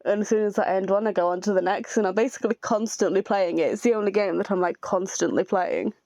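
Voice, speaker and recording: A woman's voice: medium pitch, fairly even intonation, quick pace, a little mellow, no echo. A young woman giving giggly, joking commentary while playing a story game on a close mic. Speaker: gamer. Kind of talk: let's play commentary.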